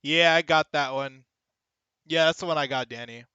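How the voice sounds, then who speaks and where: A young man streaming a video game, chatting casually with his viewers, excitable and swearing often. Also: on the high side, normal speed, clear, resonant tone, dry recording, highs cut off. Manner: excitable, swears a lot, talks to chat. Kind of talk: casual gaming stream chat.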